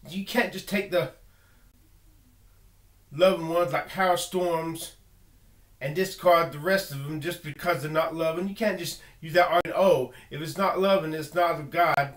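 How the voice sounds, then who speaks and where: A man's voice: fairly high pitch, a bit bright, roomy sound. A man giving an earnest personal monologue, emphatic and full of repeated words and restarts. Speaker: video blogger.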